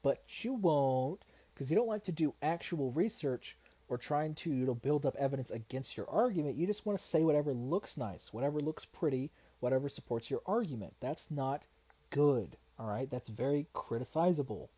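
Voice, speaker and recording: A man's voice: mid-range voice, animated, moderate pace, dark tone, slightly rough, muffled recording. A man giving reaction commentary in an argumentative, lecturing way, his voice getting worn. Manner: argumentative, lecturing, repeats "all right?". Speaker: commentary youtuber.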